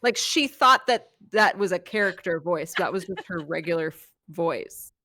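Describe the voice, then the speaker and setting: A woman's voice: on the low side, lively intonation, moderate pace, sharp tone, no echo, studio quality. A woman from North Carolina, a player in a tabletop game, telling a chatty, self-deprecating story. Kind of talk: casual chat.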